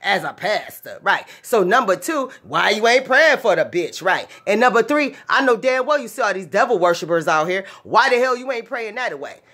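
A woman's voice: mid-range voice, big pitch swings, normal speed, few pauses, a bit bright. A woman who calls herself a pastor, preaching a combative, profane rant at other pastors and punctuating her points with "right?". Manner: combative, heavy cursing, rhetorical "right?". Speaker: self-described pastor.

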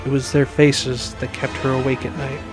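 A man reading a fan fiction story aloud in measured storytelling narration. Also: medium pitch, flat delivery, music in the background. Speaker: story reader.

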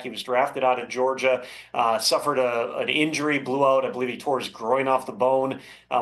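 A man working as a football insider, giving measured, thoughtful analysis as an interview guest, with frequent fillers. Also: mid-range voice, fairly bright tone. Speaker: NFL insider.

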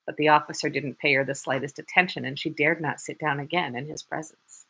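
A woman reading a classic novel aloud with expressive, dramatic narration. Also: low voice, a little fast, creaky, breathy edge.

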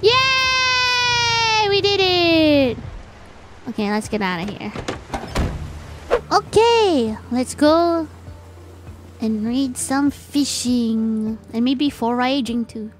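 A woman streamer chats her way through a game, excitable and prone to gasps and squeals. Her voice sits very high and she takes her time with the words. Clear music plays behind her. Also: takes it slowly, pauses often. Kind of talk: casual gameplay chat.

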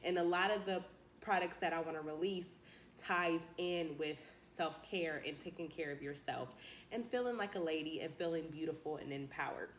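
Casting note: encouraging woman vlogger, slightly low voice, roomy home recording with faint hiss. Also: moderate pace. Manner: chatty, encouraging, addresses viewers as y'all. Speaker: candle business YouTuber. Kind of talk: casual vlog talk to camera.

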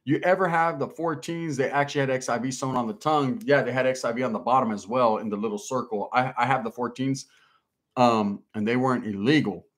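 A man hosts a live stream and spins a long story in relaxed street slang. He talks at an easy middle pitch and stops now and then to read out chat comments. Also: fairly quick. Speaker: livestream host. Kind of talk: casual storytelling on a livestream.

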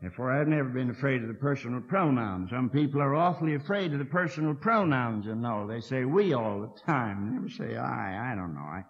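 Captured on a dull, lo-fi 1960 archive tape, a sixty-something man delivers a sermon in a college hall. He speaks fairly quickly with few pauses, in an expressive medium-pitched voice, earnest and folksy, with dry asides and repeated words while thinking.

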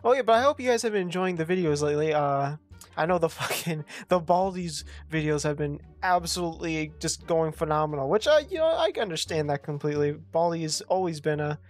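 A gameplay commentator swearing, rambling and talking back to the game, breaking into sudden loud outbursts. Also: medium pitch, expressive, fairly quick, faint music behind. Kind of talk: let's play commentary.

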